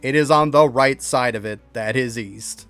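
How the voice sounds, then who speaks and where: A man's voice: mid-range voice, normal speed, a bit bright, smooth, soft background music. A man from upstate New York with a mild local accent, chatting bluntly with his live-stream viewers about gaming. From New York State, outside the city. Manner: blunt, talks back to chat, laughs between points.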